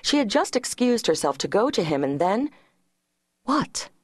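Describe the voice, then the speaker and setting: A woman narrating an audiobook in a measured, even storytelling manner. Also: medium pitch, husky, dry recording, clean studio sound.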